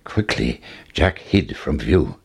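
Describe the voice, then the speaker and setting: A man reading a children's fairy tale aloud, slow and expressive. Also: very deep voice, gravelly, breathy edge. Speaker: narrator.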